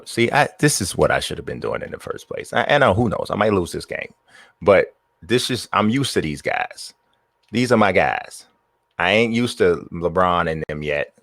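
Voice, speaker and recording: Guy streaming a video game, low voice that swings all over, talks smack at the screen. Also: expressive, unhurried, pauses often, a bit bright, no room sound. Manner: trash-talks the game, mutters to himself. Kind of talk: live gameplay commentary.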